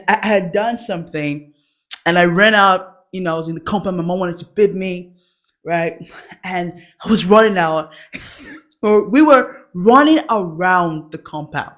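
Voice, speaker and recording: A woman's voice: on the low side, measured pace. A young woman hosting a comedy show, telling childhood stories with frequent giggles. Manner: giggles often while telling stories, acts out quotes. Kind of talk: laughing personal storytelling.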